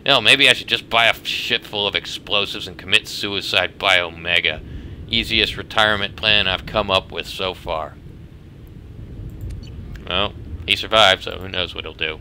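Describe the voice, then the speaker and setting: Low bright-toned man reading game text. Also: steady tone, normal speed, a little hiss or hum, low-quality recording. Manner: wry asides between dramatic readings. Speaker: gamer reading in-game dossiers.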